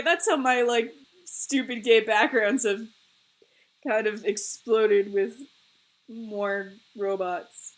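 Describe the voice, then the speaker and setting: Young woman streamer rambling while she draws, kinda high bright voice, swears a lot and laughs at herself. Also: a little slow. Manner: rambling, self-mocking, swears and laughs often. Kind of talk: casual chat while drawing on a live stream.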